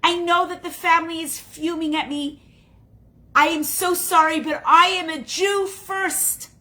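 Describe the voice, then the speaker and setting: A woman's voice: very high voice, moderate pace, a bit bright, pitched above the performer's own voice. A woman voicing a devout young immigrant woman, anxious and apologetic, in a told story. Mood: pleading. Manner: pleading, emotional.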